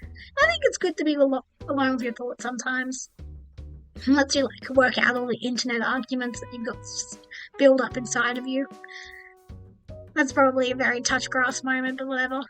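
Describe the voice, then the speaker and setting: Young woman, VTuber streamer, high voice, rambling casual storytelling, faint music behind. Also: normal speed, fairly bright tone, rough recording. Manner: rambling, replays her own thoughts as quoted asides.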